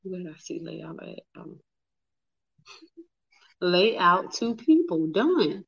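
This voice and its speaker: A woman's voice: fairly low pitch, very animated, slow, vocal fry, husky, muffled recording. A woman hosting a casual livestream, flustered and chatty, talking straight to her viewers. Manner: flustered, talks to viewers as "y'all". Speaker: livestream host. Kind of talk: casual live chat.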